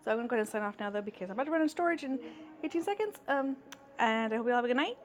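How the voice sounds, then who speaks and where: A woman's voice: fairly high pitch, very fast. A woman in her thirties telling a workplace story in a casual vlog, exasperated and ranting, acting out what others said. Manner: exasperated, ranting, acts out quoted dialogue. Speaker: vlogger.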